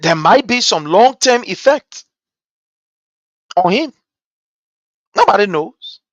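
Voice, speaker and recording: A man's voice: high voice, big pitch swings, slow pace, a bit bright, no echo. Liberian guy ranting on a political talk show, keeps asking guess what, dry close sound. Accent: Liberian English. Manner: rhetorical, repeats points, asks "guess what". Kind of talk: impassioned commentary.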